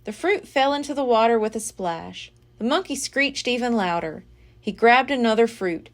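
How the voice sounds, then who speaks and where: A woman reading a children's book aloud as a library storyteller, with an expressive, dramatic delivery. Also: a little high, moderate pace.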